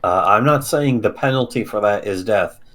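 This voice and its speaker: A man's voice: on the low side, normal speed, fairly bright tone. A man co-hosting a podcast, chiming in with dry, wry asides. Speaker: podcast co-host. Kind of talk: casual podcast chat.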